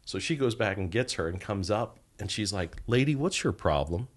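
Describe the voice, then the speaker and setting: A man's voice: lowish voice, moderate pace. A middle-aged man on a podcast, telling a long story and acting out the lines of the people in it. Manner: animated storyteller acting out quoted dialogue. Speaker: podcast guest, former federal agent.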